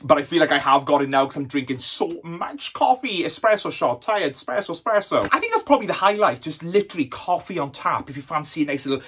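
A man's voice: a little high, animated, fast, hardly any pauses, a bit bright, husky. A Welsh man in his twenties, flamboyant and camp, answering viewer questions in a sassy, swear-heavy vlog. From Wales. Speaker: YouTuber. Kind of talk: casual Q&A vlog.

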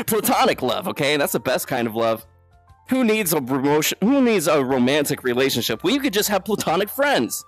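A VTuber streamer in casual live chat, loose and playful, swearing freely, laughing often and thanking followers. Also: mid-range voice. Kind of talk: casual live-stream chat while exploring a virtual world. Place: at home, seated, streaming.

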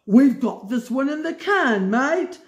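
A woman's voice: high voice, animated, slow, reverberant, pitched above the performer's own voice. Woman doing a bumbling crook man. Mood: cocky. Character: bumbling, slow-witted male crook.

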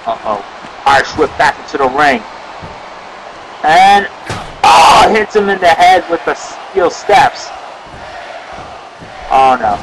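An excitable young man with a high voice calls a wrestling match play by play, often breaking into shouted exclamations. The amateur recording is noisy, with a crowd clearly audible behind him. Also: slow pace, long pauses. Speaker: wrestling commentator.

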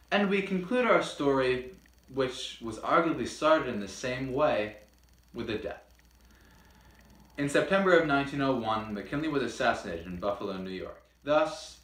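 A man of middling pitch hosts a scripted history lesson, playful and joking, now and then bursting into mock-heroic shouts. His voice rings in a roomy, echoey space. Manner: playful, with mock-dramatic outbursts. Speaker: history video host. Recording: roomy echo.

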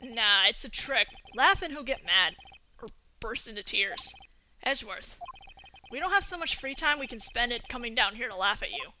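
A woman's voice: fairly high pitch, lively intonation, normal speed, pushed and bright, a little hiss or hum. A woman voicing a dry, sarcastic young male defense lawyer, reading game dialogue aloud. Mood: wry. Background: game music.

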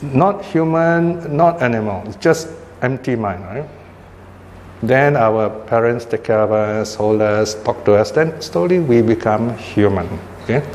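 A man's voice: mid-range voice, a little slow, darkish tone. Older man giving a dharma talk. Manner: conversational, frequent "you know" and "right?" tags. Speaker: Buddhist teacher. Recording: hall reverb, faint ambient noise.

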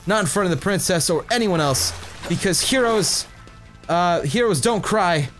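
A man's voice: high-pitched, animated, normal speed, a bit bright, soft background music. A man in his twenties reading a fanfic aloud while playing a game, casual and stumbling, swearing at his own slips. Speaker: YouTuber.

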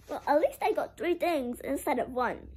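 A woman's voice: high-pitched, moderate pace, a little mellow, low-quality recording. A young girl doing a casual clothing-haul vlog, chatty and full of "like", making a drama of her disappointment. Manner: chatty, heavy use of "like", dramatic about being sad. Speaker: vlogger.

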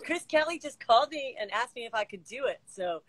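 A woman chatting as a guest over a video call, gushing and quick to laugh. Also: a little high, expressive, crowd noise. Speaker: guest actress.

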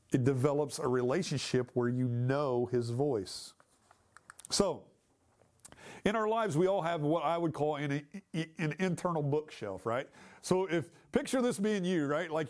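A man's voice: a little high, normal speed, darkish tone. A man teaching a church Bible study class, talking in a conversational, emphatic way and putting questions to the class.

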